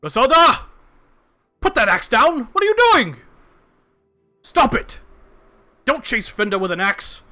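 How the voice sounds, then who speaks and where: A man voicing a large, gentle, booming orc father in a tabletop game, shouting over chaos. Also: sing-song, unhurried, long pauses, soft background music, full character voice. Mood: exasperated.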